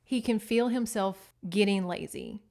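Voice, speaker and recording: A woman hosting a casual book-recap podcast, chatty, animated and freely profane. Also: mid-range voice, unhurried, vocal fry. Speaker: podcast host.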